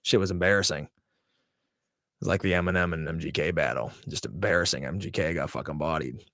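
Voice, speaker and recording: A man's voice: extremely low pitch, quick pace, gravelly, fairly bright tone, no room sound, studio quality. A man hosting a podcast in casual live-stream chat, talking in a blunt, rambling, profane way. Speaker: podcast host.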